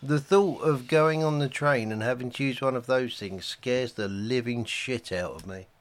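A man's voice: mid-range voice, normal speed. A man co-hosting a casual podcast, laid-back and blunt, swearing freely. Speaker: podcast co-host. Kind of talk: casual chat over beers.

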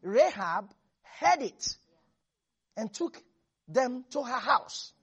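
A preacher delivering a lively sermon that swings between hushed asides and shouts. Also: medium pitch, extremely slow, long pauses, husky.

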